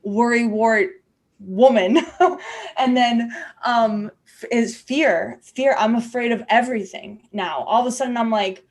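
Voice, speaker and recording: A woman hosts a podcast in a candid, chatty style, full of fillers and restarts. Her voice sits on the high side and she speaks at a measured pace.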